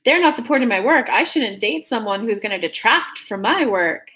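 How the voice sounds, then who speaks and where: A woman's voice: on the high side, animated, moderate pace, a bit bright. A woman giving a casual tarot reading to her viewers, chatty and rambling, often restarting her sentences. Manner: talks straight to viewers as "guys". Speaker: tarot reader.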